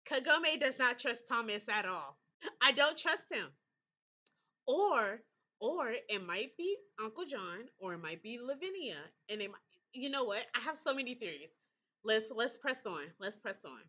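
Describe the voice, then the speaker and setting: A young woman streamer reads out a story game and keeps breaking off to talk back to the characters in an animated way. Her voice is bright and a bit high, and it swings widely in pitch. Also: moderate pace. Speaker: VTuber streamer. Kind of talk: reading a story game aloud with reactions.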